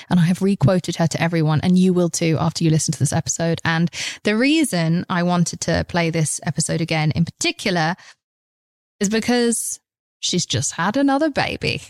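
A woman's voice: on the low side, darkish tone, dry recording, studio quality. A woman hosting a podcast who speaks frankly and passionately, swearing freely in a casual monologue. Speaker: podcast host.

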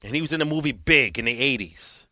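A man's voice: mid-range voice, fast, sharp tone, dry recording, clean studio sound. A man in casual podcast chat, emphatic and profane.

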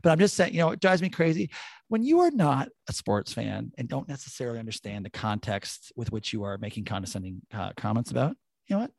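A man's voice: medium pitch, sing-song, quick pace, vocal fry, darkish tone, dry recording. A man hosting a casual sports podcast, talking animatedly with plenty of swearing and rambling stories. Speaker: podcast host.

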